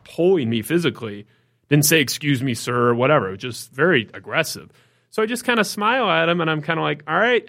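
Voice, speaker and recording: A man co-hosting a sports podcast, telling a story in casual, animated talk that gets more indignant as it goes. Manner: animated storytelling, rising pitch when indignant. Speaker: podcast co-host.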